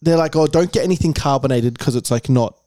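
A man's voice: fairly high pitch, fast, warm tone, no echo, clean studio sound. A man co-hosting a podcast, telling a rambling, sweary story in casual chat. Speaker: podcast co-host.

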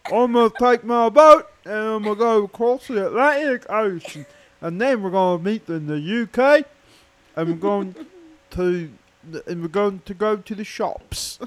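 A man voicing a cheery, exaggerated posh British man in a mock British accent, high and sing-song. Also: a little slow. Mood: chirpy.

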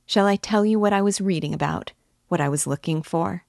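A woman's voice: fairly low pitch, brisk, vocal fry, dry recording, clean studio sound. Raskolnikov, a feverish, mocking young man, read by a woman. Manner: taunting, then hushed and intense.

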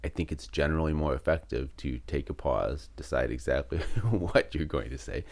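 A man co-hosting a casual podcast, thoughtful and dry, pausing with ums while he builds a thought. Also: very deep voice, animated, a little mellow. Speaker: podcast co-host. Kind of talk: casual unscripted chat. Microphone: podcast mic, speaking a bit far from it.

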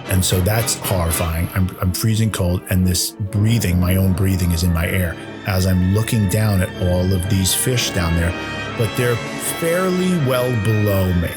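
Brief: low-pitched man, casual comic storyteller, swears freely, music playing behind. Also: normal speed. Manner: profane, self-deprecating, rambling with restarts. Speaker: podcast co-host telling a story.

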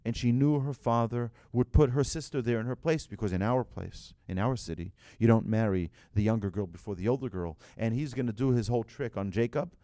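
Man, rabbi, storytelling sermon, animated, dry close sound. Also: mid-range voice, a little fast, hardly any pauses, no room sound. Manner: animated, acts out voices, restarts phrases.

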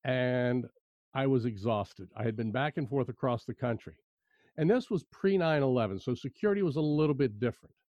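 A man in conversation, telling an animated personal anecdote about work attitude, often repeating key phrases. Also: medium pitch, brisk, dry recording. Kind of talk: conversational storytelling. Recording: dry, muffled lo-fi sound.

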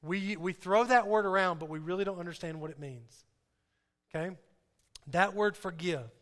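A man's voice: sits high, moderate pace, a bit bright. A man preaching a sermon, emphatic, asking his listeners questions and repeating key points. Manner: emphatic, asks the audience questions. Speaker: pastor. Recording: reverberant hall.

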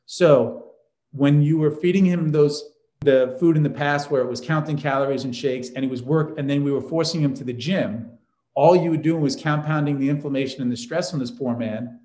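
A man's voice: mid-range voice, fairly quick. A man from New York, a doctor and podcast host, telling a story in casual conversation and acting out the people he quotes. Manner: animated storyteller, acts out quoted voices. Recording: roomy echo.

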